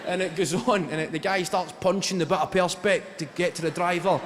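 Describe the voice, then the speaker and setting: A man with a Glaswegian Scottish accent performing a stand-up comedy routine, telling dry stories that break into shouted impressions. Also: high voice, a little fast. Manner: deadpan storytelling that bursts into shouted impressions. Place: large theatre stage. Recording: live theatre with long reverb, audience noise. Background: audience laughter.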